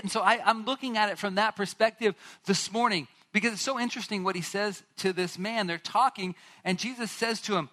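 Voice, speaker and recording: A man preaching a sermon, retelling a Bible story with animated asides and acted-out lines from its characters. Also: high voice, a little fast. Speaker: pastor.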